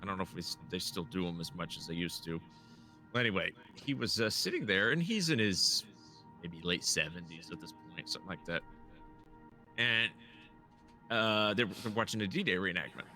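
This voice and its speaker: A man's voice: low voice, animated, normal speed, sharp tone, faint music behind. A man in casual gaming chat, telling rambling stories with frequent restarts.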